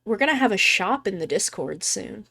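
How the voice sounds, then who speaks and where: A woman streamer chatting casually while giving tarot readings, joking about herself and swearing freely, speaking softly and close to the mic. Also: mid-range voice, big pitch swings, moderate pace, vocal fry, husky. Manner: soft, quiet near-ASMR voice close to the mic. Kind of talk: casual live-stream chat. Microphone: close microphone.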